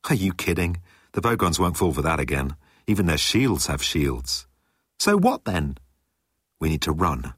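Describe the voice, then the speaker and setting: A man voicing a cool, knowing young man who talks in a calm, matter-of-fact way. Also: low voice, moderate pace, breathy edge, no room sound, clean studio sound, exaggerated voice.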